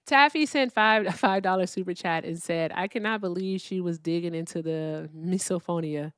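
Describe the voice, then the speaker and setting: A woman in her thirties hosting a live call-in debate stream. She is blunt and profane, and her voice sits fairly low in pitch. The sound is dry and close. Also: normal speed, no room sound. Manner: blunt and profane, talking to chat. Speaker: livestream host.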